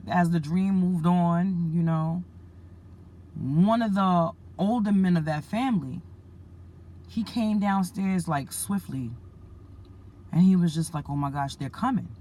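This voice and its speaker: A woman's voice: on the low side, slow pace, pauses often, warm tone. A woman preacher earnestly retelling a dream to her listeners, repeating herself and calling them family. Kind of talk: spoken religious message.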